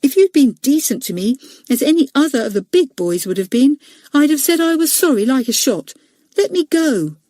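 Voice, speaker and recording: Woman reader voicing a small cheeky boy: high, obstinate, brave. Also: animated, moderate pace, dark tone, dry recording. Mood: defiant.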